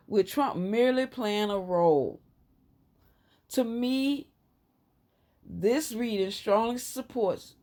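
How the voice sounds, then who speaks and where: Slow-talking Southern woman reading tarot. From Southern United States. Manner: emphatic, rambling, frequent sudden jumps up in pitch and loudness. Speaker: tarot reader. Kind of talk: casual tarot reading commentary.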